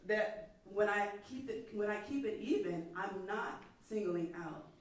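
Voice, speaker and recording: A woman's voice: mid-range voice, a little slow. A woman coaching a singer in a masterclass, encouraging and sometimes singing phrases to show what she means. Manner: encouraging, talks over the singing, demonstrates phrases by singing. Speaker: vocal coach. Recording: echoey hall, mic far off.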